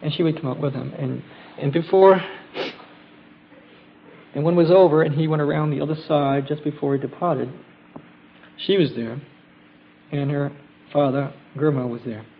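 Man, mid-pitched and gravelly, casual testimony to a gathering, halting with fillers, muffled lo-fi tape with faint hiss. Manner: halting, many fillers and restarts, gentle and reflective. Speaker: group member sharing trip experiences.

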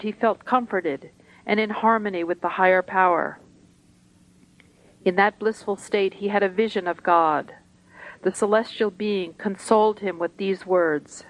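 A woman reading a spiritual talk aloud to a gathering in a slow, deliberate, measured way. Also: mid-range voice, highs cut off.

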